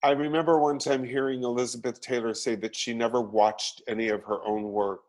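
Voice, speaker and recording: A man telling animated, self-mocking stories. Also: medium pitch, a little fast. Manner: animated, self-deprecating storytelling. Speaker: actor, guest. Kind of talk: casual chat.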